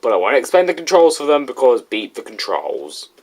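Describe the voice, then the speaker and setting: A man's voice: mid-range voice, very animated, brisk, husky. Mocking young man reacting to a video. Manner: mocking, teasing. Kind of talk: casual reaction commentary.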